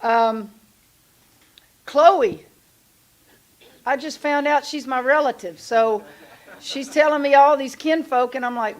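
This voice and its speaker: A woman's voice: high voice, slow pace, long pauses. A woman from Louisiana with a Southern accent, giving a blunt, folksy after-lunch talk as a guest speaker at a club luncheon. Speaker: guest speaker, basketball coach. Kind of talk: casual after-lunch speech.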